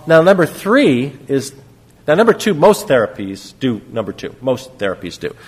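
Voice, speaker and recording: A middle-aged man lecturing on psychotherapy in a lively, conversational way, often checking in with "okay?" and acting out short example lines. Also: mid-range voice, breathy edge.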